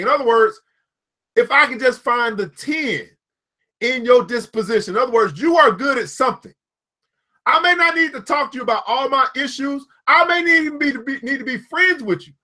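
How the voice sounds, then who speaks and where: A high-pitched man gives a live motivational talk. He is preachy and repetitive and keeps calling out viewers by name. His tone is bright and forceful. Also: a little fast. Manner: preachy, repetitive, calls out viewers by name, laughs at own jokes. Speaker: founder giving a motivational talk.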